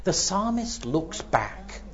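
A man's voice: fairly high pitch, very animated, slow pace, highs cut off. A man preaching an expository sermon on a psalm, building to fervent emphasis.

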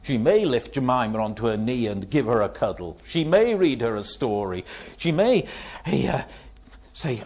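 A man's voice: medium pitch, sing-song, moderate pace, darkish tone. A man preaching a sermon, asking rhetorical questions and telling illustrative stories, in a dull lo-fi recording.

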